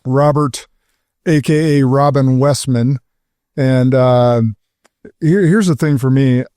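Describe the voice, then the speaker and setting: Measured man hosting, mellow voice. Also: mid-range voice, dry recording, clean studio sound. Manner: earnest, measured, speaks as a father. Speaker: podcast host. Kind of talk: roundtable discussion.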